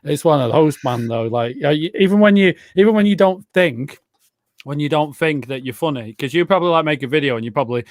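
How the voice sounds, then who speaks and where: A man's voice: fairly high pitch, lively intonation, fast, no echo, clean studio sound. A man who is a guest on a casual livestream, joking and teasing in playful banter. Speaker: guest YouTuber.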